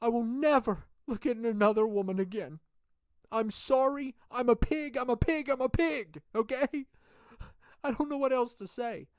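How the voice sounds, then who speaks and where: A woman's voice: a little high, moderate pace, darkish tone, no room sound, natural voice. A woman voicing a sheepish married man caught cheating, in a wrestling game role-play, stammering and pleading. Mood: humiliated.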